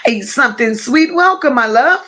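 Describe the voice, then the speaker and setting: A woman hosting a casual livestream, greeting her chat one by one with drawling, affectionate shout-outs. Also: high-pitched, expressive, normal speed. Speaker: livestream host.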